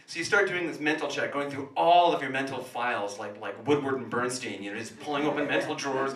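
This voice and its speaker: A man tells a stand-up story with an animated delivery, dropping into near-whispers and then bursting out loud. His voice is bright and forceful. He is recorded from a distance in a small café, and the sound is roomy. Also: fairly high pitch. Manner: animated storytelling, switching between hushed asides and sudden loud outbursts. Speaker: comedian. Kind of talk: stand-up comedy monologue.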